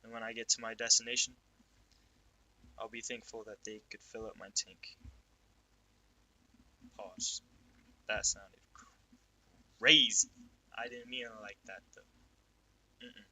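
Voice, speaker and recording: A young man talking to himself on camera in a rambling, self-deprecating way, often drifting into quiet mutters. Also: lowish voice, little pitch movement, slow pace, pauses often, recorded from a distance, poor audio. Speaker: vlogger. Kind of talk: rambling solo monologue. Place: home room, seated in a swivel chair.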